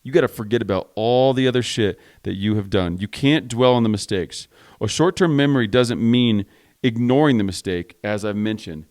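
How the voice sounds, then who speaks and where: A man with a fairly low, darkish voice hosts a podcast for contractors and coaches them through a blunt, emphatic motivational monologue at normal speed. He swears freely and drives each point home by stacking repeated parallel phrases.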